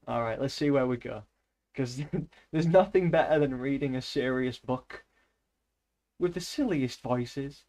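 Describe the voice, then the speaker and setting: A man's voice: mid-range voice, slow, long pauses, darkish tone. A man chatting casually, rambling, laughing often and swearing between bits of reading aloud. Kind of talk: casual chat.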